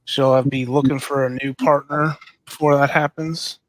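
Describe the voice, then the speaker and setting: A man's voice: mid-range voice, little pitch movement, normal speed, no room sound. Cynical man, close and dry. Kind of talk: casual group chat reacting to a livestream.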